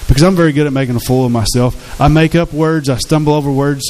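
A man's voice: medium pitch, steady tone, fast, few pauses, a little mellow, a little hiss or hum, rough recording. A man preaching a sermon as pastor, earnest and conversational, acting out quotes from his congregation.

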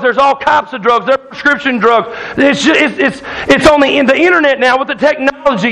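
A man's voice: very high-pitched, bright, forceful tone, low-quality recording. A man preaching a sermon in a church, telling a folksy hunting story that keeps the congregation laughing. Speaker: pastor. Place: church sanctuary.

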